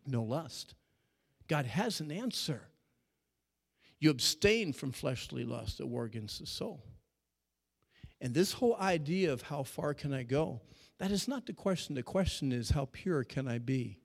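A middle-aged man preaches a dramatic, animated sermon to a young crowd. His voice sits a little high. It rings out with a long reverb from a big hall as he swings from loud shouts to quiet storytelling. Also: measured pace, creaky. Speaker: youth speaker.

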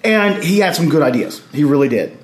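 Animated storytelling man, roomy echo. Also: a little high, fairly quick. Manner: animated anecdotes, acts out others' lines, laughs while telling. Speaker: podcast guest. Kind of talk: storytelling in casual conversation.

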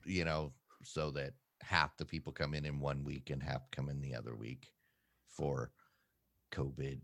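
This man's voice is creaky and fairly bright with little pitch movement, though he makes quick pitch jumps as he rambles and teases himself. He's co-hosting a podcast in casual chat, recorded at studio quality with no echo.

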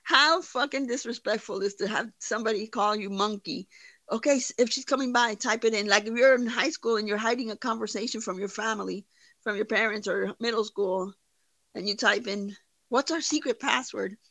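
A woman's voice: mid-range voice, fairly even intonation, brisk, bright, forceful tone, dry recording. A woman hosting a livestream, giving blunt, profane, mocking commentary. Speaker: livestream host. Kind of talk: casual commentary.

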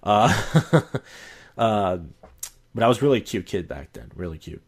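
A young man with a somewhat low voice chats casually as a comedian on a podcast. He rambles through a personal story, stopping and restarting his sentences as he goes. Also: big pitch swings, slow pace. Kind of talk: casual chat.

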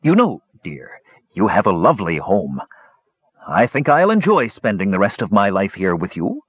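A man's voice: on the low side, big pitch swings, normal speed, husky, no echo, voice pushed down. A man voicing a short-tempered, scheming brute of a swordsman who snaps at people, in a slightly muffled recording. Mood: fake sweet. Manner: snapping, then fake sweetness.

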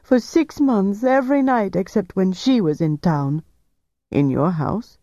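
A man's voice: sits high, unhurried, mellow, no echo, muffled recording, voice pushed up. A man reading aloud, voicing a heartbroken young Frenchwoman who is crying and indignant. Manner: pleading, tearful.

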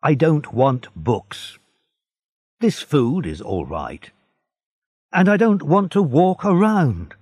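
A man's voice: on the high side, sing-song, takes it slowly, long pauses, darkish tone, breathy edge, no room sound, studio quality, voice pushed up, full character voice. Dantes, a man voicing a desperate prisoner. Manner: pleading, insistent. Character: stubborn desperate young male prisoner.

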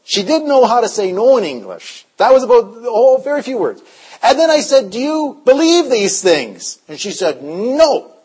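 A man preaching a sermon as pastor, telling stories, sometimes shouting and sometimes dropping to a hush. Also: extremely high pitch, sing-song, moderate pace, husky, poor audio. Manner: storytelling, shifts from shouting to hushed.

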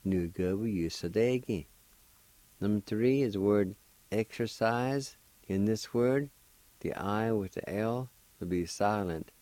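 In a slow, mellow, lowish voice, a male language teacher hosting a radio lesson spells words letter by letter and patiently sounds out each syllable. There is no echo.

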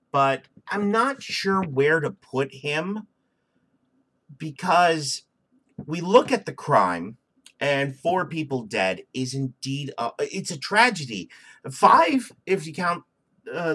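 A man co-hosting a podcast in casual, profane chat, joking and laughing as he talks. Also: a little high. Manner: joking, animated, laughs often. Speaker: podcast co-host.

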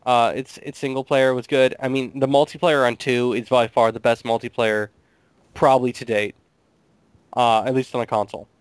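A young man co-hosts a casual gaming chat, dry in humor and hesitant, with frequent ums. His smooth, mid-pitched voice sounds close and dry. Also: level tone, moderate pace, dry recording. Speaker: podcast co-host.

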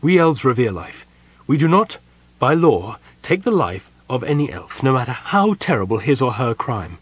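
A man's voice: mid-range voice, very animated, normal speed, husky, dry recording, voice pushed up. A man voicing a proud, impulsive young elf king in an audiobook, speaking in an imperious, urgent way. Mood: impassioned. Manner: imperious and urgent, rising when angry. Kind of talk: audiobook character reading.

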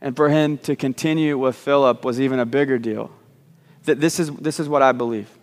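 A man's voice: medium pitch, fairly even intonation, a little fast, big-room sound. A man preaching a sermon, repeating words as he starts sentences and slipping in joking asides. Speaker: pastor. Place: church sanctuary.

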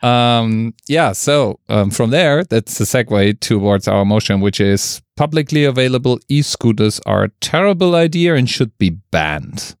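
A man co-hosting a casual debate podcast, talking haltingly and often restarting his sentences. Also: medium pitch, lively intonation, smooth, no room sound, studio quality. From Germany. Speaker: podcast co-host.

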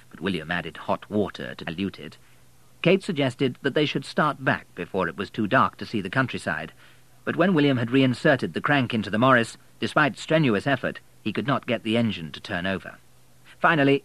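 Expressive male audiobook narrator. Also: lowish voice, no room sound, low-quality recording.

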